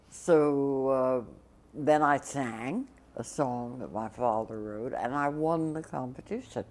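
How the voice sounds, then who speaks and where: A woman's voice: very deep voice, slow pace, a little mellow. A woman telling a story about herself and acting out the other people's lines. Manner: acts out the other voices in her tale. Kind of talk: anecdotal storytelling.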